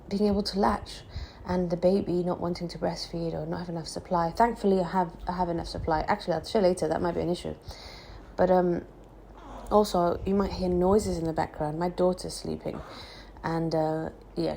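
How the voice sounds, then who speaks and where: Croaky, exhausted new mum. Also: female voice, on the low side, steady tone, a little fast, mellow, a little hiss or hum, rough recording. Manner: candid, rambling with fillers and restarts. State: hoarse, exhausted from no sleep. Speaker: vlogger, new mother. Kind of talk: casual confessional vlog.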